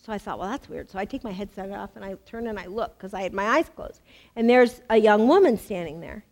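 A middle-aged American woman, a women's ministry speaker, preaching and telling a personal testimony with animated, emphatic repetition. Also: mid-range voice, brisk. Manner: animated storytelling, emphatic repeats.

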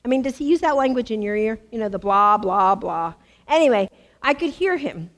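A middle-aged woman from the United States preaching to a women's gathering. She tells her story in lively bursts, stacks up repeated phrases for emphasis, and her voice sits a little high. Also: brisk. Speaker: women's ministry speaker. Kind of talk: sermon with personal testimony.

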